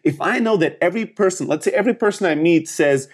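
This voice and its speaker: This Greek-accented man in his thirties, a sales coach and startup founder from Greece, talks fast in a high, expressive voice with a breathy edge. His motivational sales talk is emphatic, with frequent sentence restarts and acted-out quotations.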